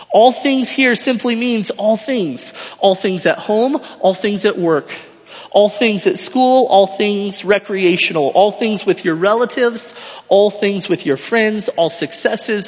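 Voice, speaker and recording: A high-pitched male pastor delivers an emphatic sermon and drives his points home through repetition. His voice rings out with a long hall reverb, and the recording sounds dull and lo-fi. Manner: emphatic, repeats phrases for stress. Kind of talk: expository sermon.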